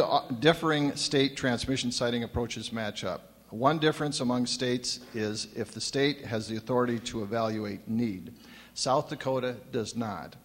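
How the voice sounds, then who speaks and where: Man reading panel remarks in a hall. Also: medium pitch. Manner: dry humor, reads from notes. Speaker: panelist commissioner.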